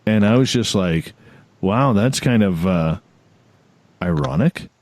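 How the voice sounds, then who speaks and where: A man's voice: fairly low pitch, slow, no echo. A man in his forties hosting a radio talk show, telling a personal story with lots of repetition and emphasis. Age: 40s. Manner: animated storyteller, repeats phrases. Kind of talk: casual storytelling chat.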